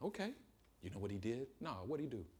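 A man preaching a sermon to a congregation in a church, telling a Bible story with humor and animated storytelling. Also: medium pitch, quick pace, slightly rough. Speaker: pastor. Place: church service before a congregation.

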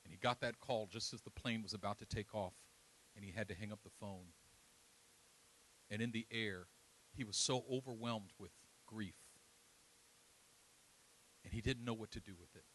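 A middle-aged man preaching a sermon, swinging between loud, soaring passages and quiet, hushed storytelling. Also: fairly low pitch, normal speed, long pauses, slight background noise, low-quality recording.

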